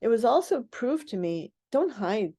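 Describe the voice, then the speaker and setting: An older woman who is a guest on a radio interview, recounting her past in an animated way and acting out the voices of people she quotes. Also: a little high, unhurried, slightly rough. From United States.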